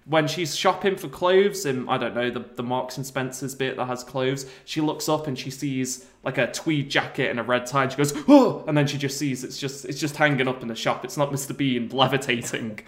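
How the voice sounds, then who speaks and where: Speaking fairly quickly with few pauses, this man has a medium-pitched, slightly bright voice. He co-hosts a comedy podcast and laughs frequently while meandering through the plot of an invented movie, keeping things loose and jokey.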